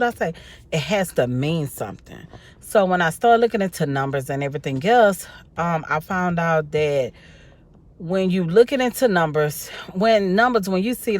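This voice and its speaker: A tired, sleepy woman, rambling casually to her viewers with lots of fillers. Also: on the low side. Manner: rambling, chatty, many fillers. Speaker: vlogger. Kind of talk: casual talk to camera.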